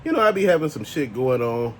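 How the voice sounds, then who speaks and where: A man's voice: medium pitch, big pitch swings, fast talker, a little hiss or hum. A married man ranting casually to camera as a toy collector vlogger, blunt, profane and exasperated. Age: adult, married.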